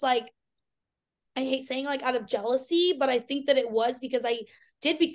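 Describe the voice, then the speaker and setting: High-voiced blunt young woman. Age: 20s. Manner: blunt, swears freely, animated retelling. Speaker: guest, fitness athlete. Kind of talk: candid interview talk.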